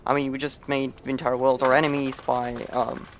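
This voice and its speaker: A man's voice: mid-range voice, fairly quick, dull audio, slight background noise. A man giving casual, joking commentary on a speedrun into a headset. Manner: relaxed, joking asides.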